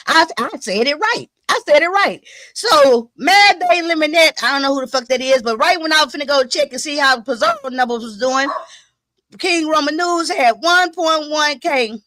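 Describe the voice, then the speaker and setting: A woman hosting a casual live stream, talking straight to her viewers in an excitable, profane way. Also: high voice, moderate pace, dry recording, studio quality.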